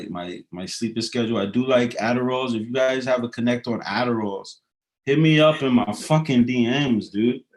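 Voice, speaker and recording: Male rapper, mid-range voice, freewheeling profane monologue, philosophical and loose. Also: mid-range voice. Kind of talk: casual rambling monologue.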